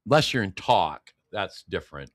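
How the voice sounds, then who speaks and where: A man's voice: deep voice, very animated, moderate pace, no room sound, studio quality. An older man from Michigan co-hosting a casual political podcast, stuffed up from a cold and rambling as he talks. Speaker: co-host.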